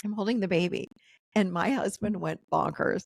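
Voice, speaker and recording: Woman in her 50s telling stories on a podcast, bit of gravel in her voice, does all the voices, dry close sound. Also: medium pitch, moderate pace, no room sound. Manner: animated, acts out the voices of people in her stories. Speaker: guest therapist and coach. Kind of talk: personal storytelling in a podcast interview. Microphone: video call.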